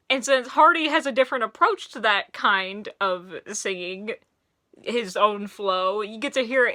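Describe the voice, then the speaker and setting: A young woman with a Middle Tennessee accent, animatedly reviewing music in a casual video and laughing often. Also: a little high. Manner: animated, laughing, quick bursts of excitement.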